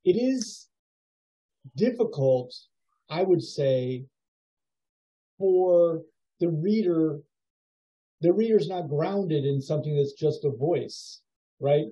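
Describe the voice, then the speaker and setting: A man teaching a writing workshop over a video call, giving feedback in a musing, halting way with many fillers. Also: on the high side, expressive, warm tone. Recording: dull lo-fi video call audio.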